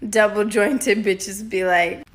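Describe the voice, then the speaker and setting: A woman's voice: mid-range voice, steady tone, slow. A young woman in her twenties doing crude, goofy comedy sketches into her phone with playful voice changes. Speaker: content creator.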